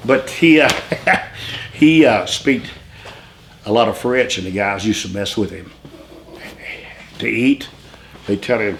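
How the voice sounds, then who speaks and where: A man's voice: lowish voice, takes it slowly, vocal fry, pauses often, a little hiss or hum. Rambling, laughing old-school storyteller man. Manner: animated, laughing, swears freely, jumps between tangents. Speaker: retired pro wrestler telling stories. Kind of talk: casual storytelling interview.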